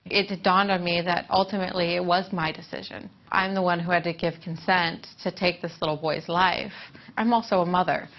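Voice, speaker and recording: A woman telling her own story as a former surrogate, emotional and halting at times. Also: lowish voice. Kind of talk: personal testimony. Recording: dull muffled audio.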